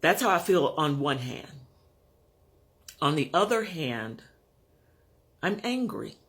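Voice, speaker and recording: A man in his fifties or sixties talks candidly to his own camera at home, in a slightly higher voice than most men. He speaks slowly and frankly, pausing often to search for the right words. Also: big pitch swings, fairly bright tone. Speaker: vlogger. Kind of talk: candid personal vlog monologue.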